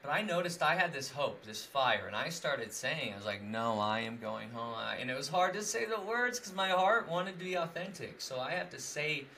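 A young man talks in a loose, rambling way, packing his sentences with fillers and often breaking into laughter. His voice is bright and forward, and a faint hiss of noise sits behind it. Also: fairly high pitch, animated, fairly quick, hardly any pauses. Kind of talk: casual chat.

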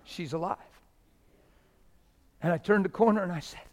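A middle-aged male pastor preaching with fervent storytelling. His voice sits a little high and jumps between loud exclamations and near-whispered quiet moments. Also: moderate pace. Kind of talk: sermon.

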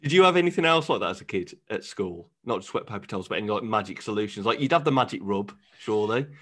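A man co-hosting a comedy podcast, jokey and quick to laugh as he riffs on silly ideas. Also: fairly low pitch, expressive, a bit bright. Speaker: podcast co-host.

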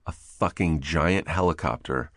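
A middle-aged man with a very low, deep voice spins a casual, swear-laden story as a podcast guest. He gets animated and laughs as he goes. The sound is close and dry, with no room around it. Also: unhurried, no echo.

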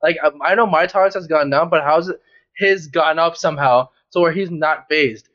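A young man with a slightly high voice tells a story in a loose, rambling way, stopping and restarting often. His voice sounds dull and lo-fi, like a cheap recording. He talks casually as a podcast co-host. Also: a little fast. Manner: rambling, animated retelling with many fillers. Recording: dull lo-fi audio.

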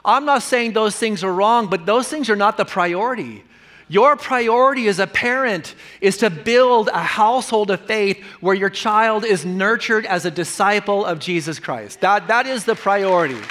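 Pastor, male, higher voice, earnest conversational sermon delivery with frequent repetition. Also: normal speed, fairly bright tone, a faint crowd.

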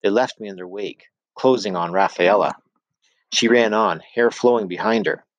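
A man reads a novel aloud in a deep, low voice, telling the story at a steady pace and voicing the dialogue as he goes. The sound is dry and close, with no room around it. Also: moderate pace, no room sound. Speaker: audiobook narrator. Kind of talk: scripted narration.

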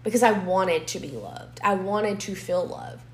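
A young woman co-hosting a podcast tells stories in a blunt, animated way, swearing freely in casual chat. Her medium-pitched voice moves at a measured pace. The mic picks up a roomy echo plus a little hiss or hum.

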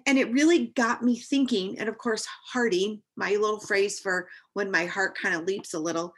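A woman in her forties, a mother with teenage kids, talking through an earnest, rambling personal reflection, full of fillers and restarts. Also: a little high.

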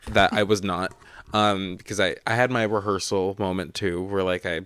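A young man in his twenties co-hosting a podcast, chatting casually with a relaxed manner. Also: low-pitched, moderate pace, clear, resonant tone. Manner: relaxed, many "um" and "like" fillers. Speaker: podcast co-host.

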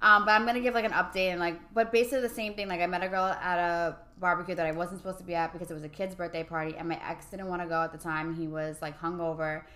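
A woman hosting a podcast, chatting casually in a relaxed way with lots of fillers. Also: lowish voice, quick pace, hardly any pauses. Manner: relaxed, filler-heavy, reflective. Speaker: podcast host.

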